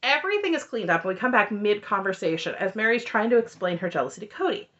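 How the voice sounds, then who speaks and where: A woman's voice: mid-range voice, expressive, fast talker, a bit bright, lo-fi sound. A woman recapping a reality show in casual commentary, sarcastic and exasperated. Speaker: recap vlogger.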